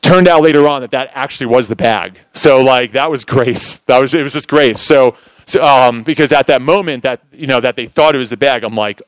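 A man preaching in a casual sermon, telling a testimony in an animated, storytelling way, with lots of "like" fillers. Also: medium pitch, brisk, dry recording, rough recording.

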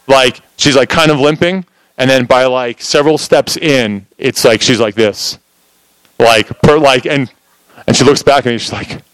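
A man preaching in a casual sermon, telling a testimony in an animated, storytelling way, with lots of "like" fillers. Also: medium pitch, measured pace, clear, resonant tone, no room sound, rough recording.

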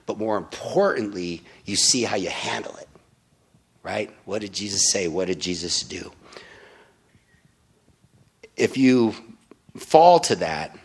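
A man's voice: fairly low pitch, a bit bright. A man preaching in an informal Bible-teaching style, often checking in with his listeners. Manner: informal, keeps asking "right?".

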